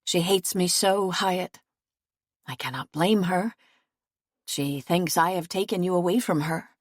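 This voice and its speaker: A young noble wife speaks low and soft, subdued and worried, as a woman reading an audiobook voices her. The sound is dry and close. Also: measured pace, no echo.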